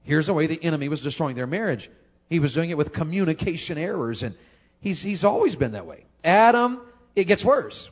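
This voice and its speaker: A man's voice: very animated, a little fast. A male pastor, preaching a folksy sermon full of repeated words. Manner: folksy, repeats words, rises high for emphasis.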